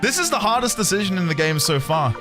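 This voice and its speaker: Over music, a man with a high-pitched, sing-song voice talks fast while streaming a video game. His let's-play commentary is casual and playful, full of jokes and bursts of laughter.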